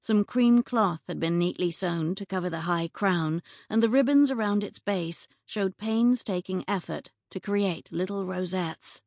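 A woman narrating an audiobook in a measured, even storytelling manner, recorded close on a studio mic. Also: mid-range voice, dry recording. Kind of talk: scripted narration.

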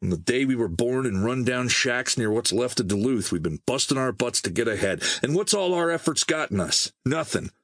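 Hot-headed young male scavenger, snappy and scornful, lively, husky , read by a male narrator. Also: medium pitch, moderate pace, few pauses, dry recording, clean studio sound.

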